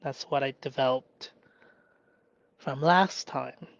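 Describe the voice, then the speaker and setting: A man muses slowly on a solo live stream, pausing, restarting and thinking aloud. He sometimes breaks into bursts of cheerful excitement. The sound is dry and close, with no room echo. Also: medium pitch, vocal fry, highs cut off. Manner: slow and musing, with sudden bursts of excited cheering.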